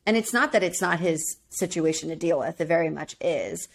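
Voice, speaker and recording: A woman's voice: fairly low pitch, brisk, vocal fry. A woman co-hosting a podcast in a casual chat, talking in a chatty way full of "like" and laughing often. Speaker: podcast co-host. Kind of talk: casual chat recapping a reality show.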